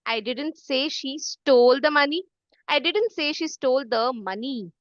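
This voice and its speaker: A woman's voice: high-pitched, unhurried, no echo, muffled recording. A woman taking part in a workshop, carefully reading practice sentences aloud. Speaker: workshop participant.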